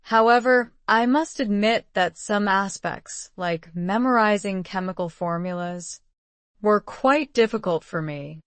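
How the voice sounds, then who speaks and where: A woman reading out model exam answers in an even, polished, measured way. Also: medium pitch, clear, resonant tone, no room sound. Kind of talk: scripted reading of sample answers.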